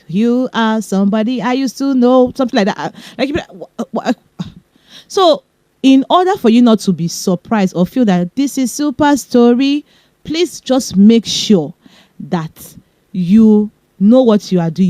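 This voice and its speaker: A young woman with a Nigerian accent talks fast and chattily, handing out relationship advice with little laughing asides. Her voice is mellow and warm. The recording is dry and close. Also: mid-range voice, no echo. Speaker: podcast host. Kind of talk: casual advice talk.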